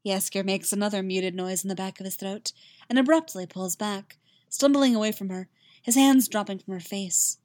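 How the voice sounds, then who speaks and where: A woman's voice: mid-range voice, normal speed, dry recording. Woman reading a romance aloud, dry sound. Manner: expressive, intimate storytelling. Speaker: reader of fan fiction. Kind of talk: audiobook narration.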